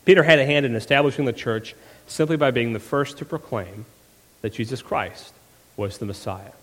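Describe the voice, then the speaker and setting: A man's voice: medium pitch, normal speed, big-room sound. A male pastor preaching a sermon in a church, talking conversationally with rhetorical questions and humorous asides.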